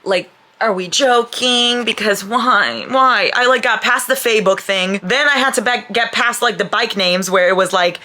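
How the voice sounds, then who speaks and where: Excitable young woman gushing over a book. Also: on the high side, moderate pace, hardly any pauses. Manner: excitable and gushing, laughs often, swears casually. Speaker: book vlogger. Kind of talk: casual reading vlog chat.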